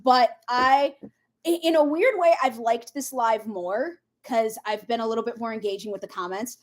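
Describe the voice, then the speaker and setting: A high-pitched woman chats through a tarot reading on a casual livestream. She rambles freely and keeps jumping into side stories, animated and talkative. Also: moderate pace, a little hiss or hum. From Minnesota. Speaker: tarot reader.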